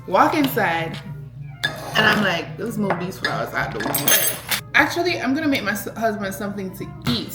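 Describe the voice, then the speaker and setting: A woman telling a story in a casual vlog, animated and expressive, laughing often as she talks to her camera. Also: medium pitch, echoey room. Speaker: vlogger mom. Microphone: handheld camera.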